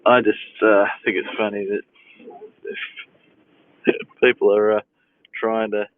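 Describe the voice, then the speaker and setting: A man's voice: on the low side, no room sound. A man hosting a casual live Q&A, reading viewers' questions aloud in an easygoing, amused way and chuckling often. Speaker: livestream host answering chat. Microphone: phone livestream. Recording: dry, tinny phone-like sound.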